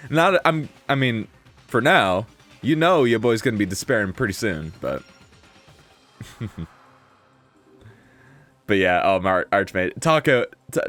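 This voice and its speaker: A man's voice: on the low side, animated, measured pace, long pauses, a bit bright. A young man streaming a visual novel, chatting playfully in slang and reading the game's text aloud. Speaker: game streamer. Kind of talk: casual let's-play chat, reading game text aloud. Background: faint game music.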